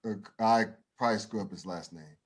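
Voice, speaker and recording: A man's voice: lowish voice, brisk. Blunt, profane man on a podcast. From United States. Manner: profane, emphatic, with many restarts. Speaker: podcast co-host. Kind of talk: casual opinion chat.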